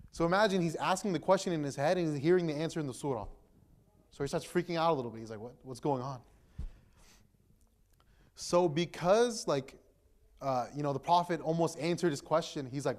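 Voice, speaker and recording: A young man, an imam, retelling a story to a gathering in a relaxed, conversational way, full of fillers and restarts. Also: fairly high pitch. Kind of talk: casual storytelling talk.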